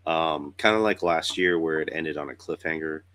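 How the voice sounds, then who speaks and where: Deep-voiced sick young man hosting a podcast. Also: normal speed, fairly bright tone, slight background noise. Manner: loose, rambling, swears casually. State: sick with a cold, rough voice. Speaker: podcast host. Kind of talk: casual chat.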